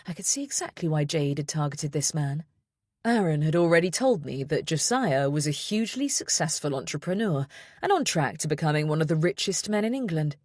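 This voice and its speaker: A woman reading a first-person thriller audiobook in a measured, steady way. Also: deep voice, dry recording, studio quality. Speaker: audiobook narrator.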